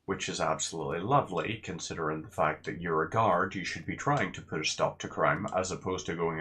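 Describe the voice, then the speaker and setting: A man's voice: low voice, lively intonation, brisk, few pauses, a bit bright, slight background noise. A man giving casual, sarcastic gameplay commentary with rambling asides.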